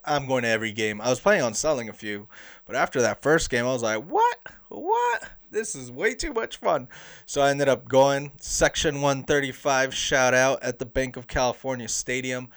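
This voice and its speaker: A young man telling stories to camera in an excitable, chatty way, with plenty of fillers. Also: mid-range voice, smooth. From United States. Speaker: soccer fan. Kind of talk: casual storytelling to camera.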